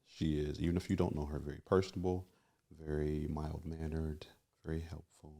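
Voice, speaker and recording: A man hosting a podcast who mostly gives brief encouraging replies and asks relaxed questions. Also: a bass voice, normal speed. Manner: brief backchannel replies, few words. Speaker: podcast host. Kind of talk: interviewing, casual chat.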